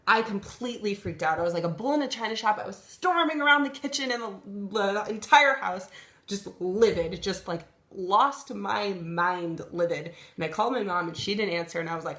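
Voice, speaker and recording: A young woman telling a comic story on her vlog, talking in an animated, exasperated rant. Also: mid-range voice, fairly quick. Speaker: vlogger. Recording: roomy echo.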